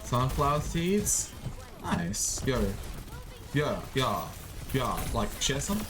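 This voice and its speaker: An Australian man chatting casually while streaming a game, joking with viewers and breaking into sudden excited yelps. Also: mid-range voice, takes it slowly.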